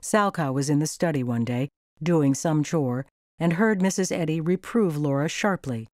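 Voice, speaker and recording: Steady mid-pitched documentary narrator. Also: moderate pace, no echo, studio quality. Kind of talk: scripted narration.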